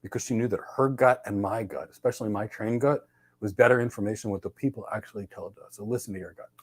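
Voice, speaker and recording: A man hosting a podcast, giving casual career advice and telling lively stories that he acts out in dialogue. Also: on the low side, fast. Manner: energetic storyteller who acts out dialogue. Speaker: podcast host.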